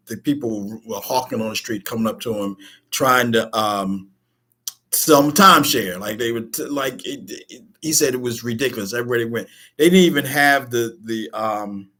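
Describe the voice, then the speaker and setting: A male talk radio co-host in casual, joking form. He rambles through stories packed with slang. His voice sits in a plain middle pitch. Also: normal speed, bright, forceful tone.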